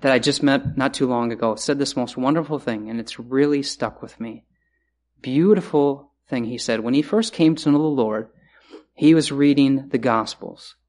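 Earnest male preacher, loud then hushed. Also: fairly high pitch. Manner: earnest, repeats phrases, swings between loud and hushed. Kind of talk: sermon.

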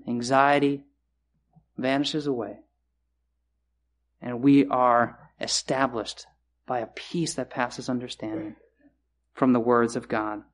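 A man preaching a sermon, earnest, repeating key phrases and swinging between raised and hushed delivery. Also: medium pitch.

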